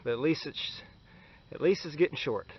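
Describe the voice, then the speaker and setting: A man's voice: on the high side, animated, moderate pace, highs cut off. A man vlogging in a casual, folksy way, chatting straight to his viewers about chores around the house. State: out of breath at times. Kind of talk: casual home vlog.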